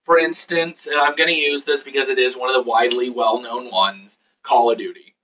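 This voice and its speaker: A man's voice: medium pitch, fairly even intonation, fairly quick, pushed and bright, far from the mic, slight background noise, rough recording. A man hosting a casual chat, explaining at length in a rambling way. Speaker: host.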